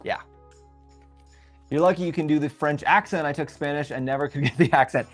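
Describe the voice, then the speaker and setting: A young man hosting a casual livestream. He thinks aloud while building and reads viewer messages aloud in a relaxed, chatty way. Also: a little high, fairly quick, faint music behind. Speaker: livestream host building a LEGO set.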